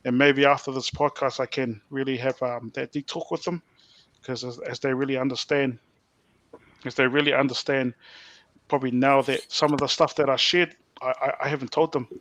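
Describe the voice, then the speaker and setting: A young man with a New Zealand accent, a podcast guest sharing his testimony in a soft, halting way with many fillers. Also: mid-range voice, level tone, no echo. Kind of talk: personal testimony.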